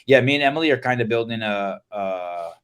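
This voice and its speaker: A man hosting a casual podcast, excitable and swearing, trailing off into fillers and restarts. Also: mid-range voice, a little fast, clean tone. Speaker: podcast host.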